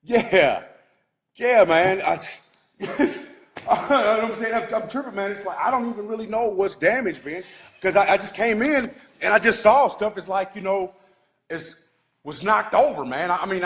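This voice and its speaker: A married man, ranting in a rambling, agitated way to his live viewers from inside his shop. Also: on the high side. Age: adult, married with kids. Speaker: vlogger talking to live viewers. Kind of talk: casual live-stream rant.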